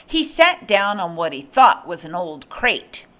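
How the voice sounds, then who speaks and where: An older woman reading a picture book aloud with slow, expressive storytelling. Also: lowish voice. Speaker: storybook reader.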